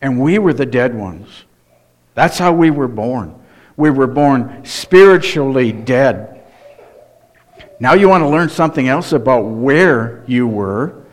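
Slow, earnest male preacher. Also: mid-range voice, animated. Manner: earnest, emphatic, with repeated questions to the congregation. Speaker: pastor. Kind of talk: sermon.

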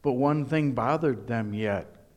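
A man preaching a sermon, emphatic and deliberate, now and then voicing what the crowd thinks. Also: mid-range voice. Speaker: pastor.

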